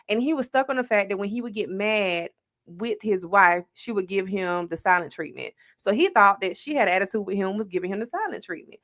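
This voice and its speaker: A woman's voice: medium pitch, a little fast. Chatty American woman livestreaming. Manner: chatty and animated, calling listeners "baby" and "friends". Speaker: livestream host. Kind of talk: casual storytelling to a live audience.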